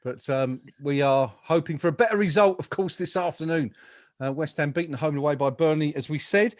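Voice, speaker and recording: A man's voice: fairly high pitch, a little fast, no room sound, studio quality. A man hosting a casual football chat over a remote call, rambling with fillers and jokes. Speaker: podcast host. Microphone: home mic, remote call.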